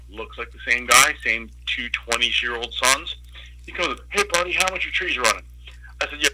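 Profane, animated man telling a story. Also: medium pitch, a little hiss or hum, poor audio. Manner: profane, animated anecdote with quoted voices. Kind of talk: casual storytelling.

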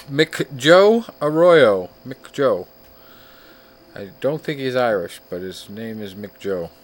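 A man hosting a casual show, reading off records in a laid-back, joking way with frequent filler pauses. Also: medium pitch, slight background noise. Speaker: podcast host. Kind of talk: casual chat.

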